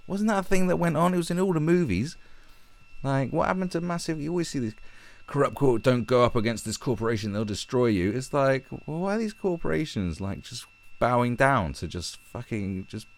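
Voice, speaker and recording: A man's voice: fairly high pitch, animated, normal speed, vocal fry. A man giving a sarcastic, profane ranting commentary as an online commentator. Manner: sarcastic and profane, with mocking asides.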